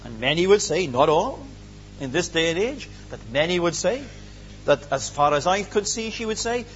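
A man's voice: sits high, very animated, moderate pace, highs cut off, slight background noise. A man preaching a sermon, earnest and emphatic, with many rhetorical questions.

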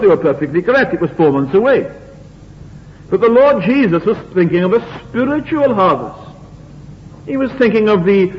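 A man's voice: high voice, slight background noise. A man preaching a sermon in a chapel, earnest and repetitive, asking the congregation rhetorical questions. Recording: dull, lo-fi recording in a reverberant hall.

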